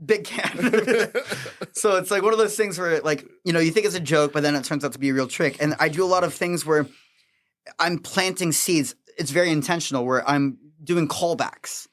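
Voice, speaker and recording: A man from Florida, a magician guest on a podcast, telling animated stories with frequent laughs. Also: fairly high pitch, normal speed. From Florida, USA. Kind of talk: casual podcast chat.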